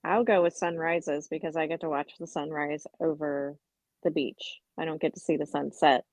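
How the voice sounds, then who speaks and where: A woman co-hosting a casual chat show, speaking in a calm, matter-of-fact way. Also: low voice, normal speed, no room sound. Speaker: podcast co-host. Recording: dull dry sound.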